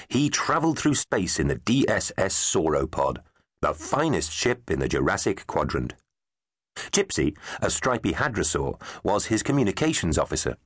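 Playful male storybook narrator, lower voice with very animated delivery, dry studio. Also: no echo. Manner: playful and emphatic. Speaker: audiobook narrator. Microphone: studio microphone. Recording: dry close studio sound.

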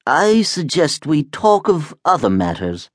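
A male narrator voicing the wub, a large, courteous, good-natured alien creature with a mild, unhurried way of speaking. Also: on the high side, huge pitch swings, no echo, clean studio sound, pitched above the performer's own voice. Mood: polite.

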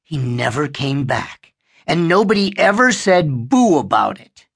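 A man's voice: on the high side, big pitch swings, measured pace, creaky, a bit bright, breathy edge, exaggerated voice. A man voicing a scheming young boy who taunts his little brother in a horror audiobook. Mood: taunting. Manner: sneering, taunting.

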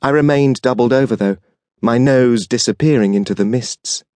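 A man narrating a first-person audiobook, with an expressive, wry, emotive reading. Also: mid-range voice, moderate pace, no room sound.

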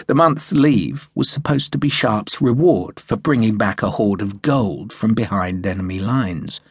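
In a measured storytelling style, a man with a low, husky voice narrates an audiobook from a script. The recording is close-miked and dry, with no room sound or echo.

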